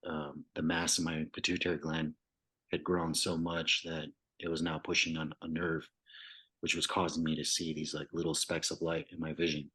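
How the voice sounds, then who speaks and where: Podcast guest: young man, very low, husky voice, casual and candid storytelling with filler words. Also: monotone, moderate pace, bright, forceful tone, poor audio. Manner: candid, loose, swears, many fillers.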